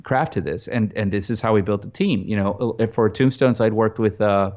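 A man's voice: fairly low pitch, normal speed, a little mellow, muffled recording. A man, a film composer, talking casually in an interview, rambling with lots of restarts and fillers.

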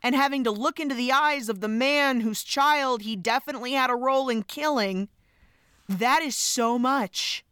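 A woman's voice: high voice, normal speed, clear, resonant tone, no room sound, clean studio sound. A woman co-hosting a podcast, recapping a film scene by scene in casual chat. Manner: animated, retelling scenes vividly. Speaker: podcast co-host.

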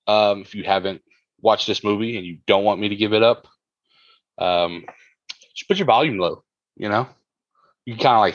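A man's voice: fairly low pitch, no room sound, muffled recording. A man co-hosting a podcast, chatting casually and rambling with lots of fillers and restarts. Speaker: podcast co-host.

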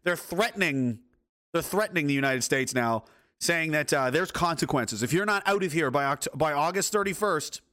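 A man's voice: fairly high pitch, expressive, normal speed, bright, forceful tone. A man reacting to news reports and photos in a sarcastic, angry, heavily profane rant. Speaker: commentator.

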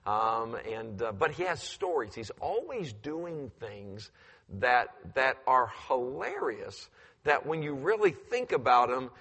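A man in his fifties, a pastor telling animated stories in a sermon and acting out the voices. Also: mid-range voice, takes it slowly. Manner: animated, acts out voices, climbs loud when excited. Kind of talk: storytelling in a sermon. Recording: long church hall reverb.

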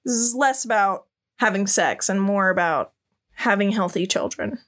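A woman's voice: mid-range voice, lively intonation, moderate pace, a bit bright. A woman podcast host chatting casually through a comic, giggly and full of fillers. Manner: giggly, lots of "like". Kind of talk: casual chat describing a comic.

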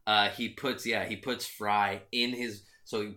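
A man with a lowish voice and a bright, forceful tone talks casually on a podcast. He sounds laid-back and agreeable. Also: little pitch movement, measured pace. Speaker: podcast co-host. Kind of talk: casual chat.

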